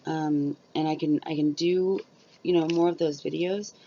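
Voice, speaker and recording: A woman's voice: low voice, fairly even intonation, moderate pace, dark tone, a little hiss or hum. A middle-aged woman chatting casually to her viewers from home, rambling with lots of fillers, recorded on a cheap mic. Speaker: YouTuber. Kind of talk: casual chat to camera. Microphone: cheap built-in camera mic. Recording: dull lo-fi sound.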